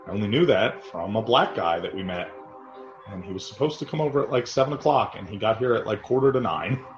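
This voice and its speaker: Animated crude-talking man in a roomy room. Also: lowish voice, fast, faint music behind. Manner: animated, crude, laughing, acts out quotes. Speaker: podcast co-host. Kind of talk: casual movie commentary chat. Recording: roomy, dull lo-fi podcast audio.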